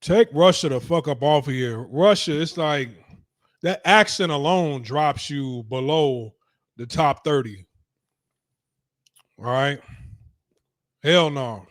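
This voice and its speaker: A young adult man with a slightly high voice, hosting a casual stream. He talks bluntly and profanely, dismissing what he reads with animated scorn. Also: slow pace, long pauses, no echo, studio quality. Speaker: streaming talk show host. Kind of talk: casual reaction commentary.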